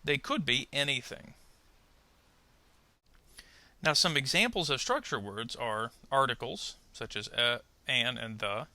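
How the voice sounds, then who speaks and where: A very bright, lightly gravelly male voice delivers an expressive, scripted pronunciation lesson on a dry recording. He takes each point slowly and clearly, leaning on stressed words with wide pitch movement, and models sentences in a slow, deliberate, over-articulated way for learners to repeat.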